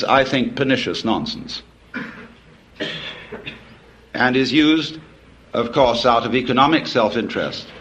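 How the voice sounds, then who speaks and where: A man's voice: medium pitch, fairly bright tone, dull audio, slight background noise. A man giving a public lecture, telling stories in a wry, discursive way with frequent asides.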